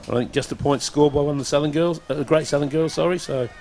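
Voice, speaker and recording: A man's voice: a little high, fairly even intonation, quick pace, darkish tone. A man with an Australian accent, a guest commentator at a local football game, talking in a chatty, hesitant way. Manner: chatty, hesitant, many fillers. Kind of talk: casual sports commentary. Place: commentary box at an outdoor oval.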